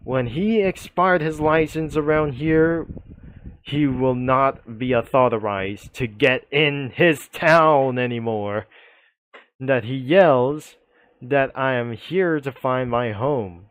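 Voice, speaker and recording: A man tells a comic story slowly, circling back over the same points and repeating himself. His voice sits in a middle pitch and is recorded dry and close, with no room sound. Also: no room sound. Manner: rambling and repetitive.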